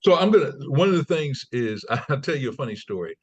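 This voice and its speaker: A man's voice: medium pitch, a little fast, husky, lo-fi sound. A man as a podcast guest, talking casually and acting out quoted people in raised voices, often repeating and restarting words. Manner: animated storyteller, acts out quotes in raised voices. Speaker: guest, trading company CEO. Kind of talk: conversational interview.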